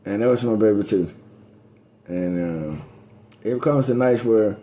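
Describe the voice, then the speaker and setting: A man in a rambling, casual monologue, telling a loose, profane story that drifts between topics and climbs higher when he gets going. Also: a little slow. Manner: rising pitch on excited story beats.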